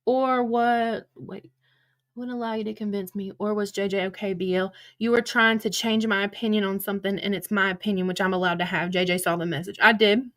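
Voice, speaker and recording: A woman's voice: medium pitch, fairly even intonation, a little fast, fairly bright tone. A middle-aged woman hosting a livestream, ranting in a combative, profane way and talking straight to her chat and her critics. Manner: talks to chat and absent critics directly. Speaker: livestream host. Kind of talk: heated livestream rant.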